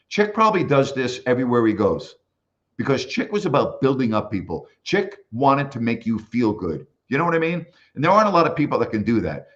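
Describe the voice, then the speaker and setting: With a mid-range voice on dull audio, an older former basketball broadcaster tells stories in a casual interview. He's animated and acts out the people he quotes.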